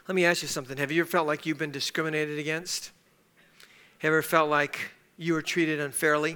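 Man, middle-aged, pastor, sermon, fairly high pitch, very bright tone, fillers and restarts. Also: smooth. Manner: conversational, halting with fillers and restarts. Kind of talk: sermon with personal story.

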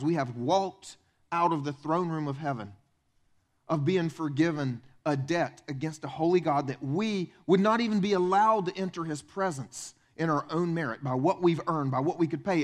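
A man preaching a sermon as pastor in a church, animated and conversational, acting out the voices of the people in his stories. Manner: animated, acts out quoted voices with big pitch swings.

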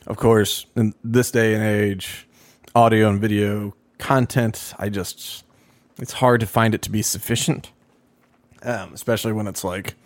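A man's voice: fairly low pitch, fairly even intonation, measured pace, no room sound. A man co-hosting a podcast in casual chat, rambling and acting out quotes in raised voices. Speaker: podcast co-host.

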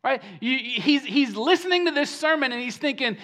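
A man preaching a sermon as pastor, animated and emphatic, often repeating words as he starts a phrase. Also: very high-pitched, normal speed. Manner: animated preaching, swings between hushed and emphatic.

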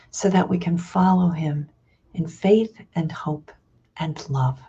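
Woman leading prayer, husky gravelly voice, dark tone, dull lo-fi sound. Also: on the low side. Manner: slow, reflective, with hesitant restarts. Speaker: prayer leader. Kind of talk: scripture reading and reflection.

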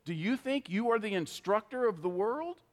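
A man's voice: high voice, lively intonation, normal speed, big-room sound. A preacher voicing the devil as a taunting male figure who sneers and belittles.

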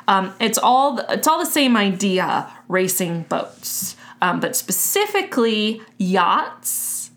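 A woman's voice: mid-range voice, a bit bright. A woman co-hosting a podcast in casual chat, chatty, with frequent fillers and laughs. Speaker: podcast co-host.

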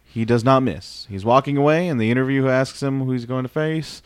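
A man's voice: mid-range voice, fairly quick, smooth, no room sound. Man casually recapping wrestling matches, dry sound. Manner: joking, recaps matches play by play. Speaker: podcast co-host.

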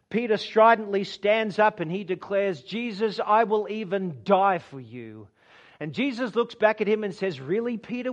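A man preaches a sermon, dramatically retelling a story, acting out the quoted lines and dropping low and soft for emphasis. The audio sounds dull.

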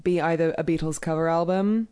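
A woman's voice: sits low, fairly even intonation, a little fast, mellow, clear, resonant tone. Wry woman from the UK, casual. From United Kingdom. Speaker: guest co-host. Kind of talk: casual chat.

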